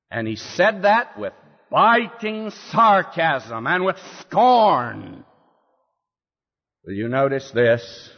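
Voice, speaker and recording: This expository sermon, captured in a dull lo-fi hall recording, comes from a man with a mid-range, sing-song voice and a slow pace. Quoted lines get a dramatic performance, and he keeps throwing rhetorical questions at the audience.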